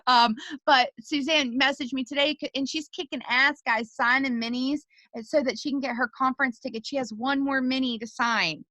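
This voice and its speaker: Woman co-host, bright voice, dry close sound, rambling casual encouragement on a video call. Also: high-pitched, steady tone, moderate pace, few pauses, dry recording. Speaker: team leader co-hosting a motivational call. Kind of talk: casual motivational chat.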